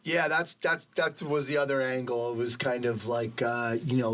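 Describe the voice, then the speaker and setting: A man's voice: mid-range voice, normal speed, hardly any pauses, fairly bright tone. A man hosting a podcast interview, talking in a conversational way with lots of "you know" fillers. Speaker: podcast host. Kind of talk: casual interview chat.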